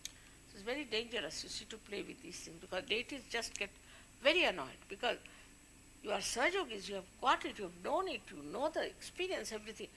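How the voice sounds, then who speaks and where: Bright-voiced woman scolding her followers. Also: medium pitch, very animated, a little fast, slight background noise. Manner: scolding, warning, conversational with asides. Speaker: spiritual leader addressing followers. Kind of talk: informal spiritual talk.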